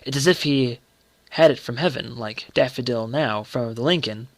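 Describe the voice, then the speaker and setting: A man playing a deferential, secretive groom who speaks respectfully in a hushed, confiding manner. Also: mid-range voice, normal speed, dry recording, natural voice.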